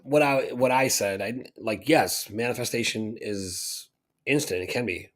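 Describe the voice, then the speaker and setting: Male radio co-host, mid-pitched, rambling talker who flares up. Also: unhurried. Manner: rambling storytelling with heated bursts. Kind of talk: casual talk radio chat.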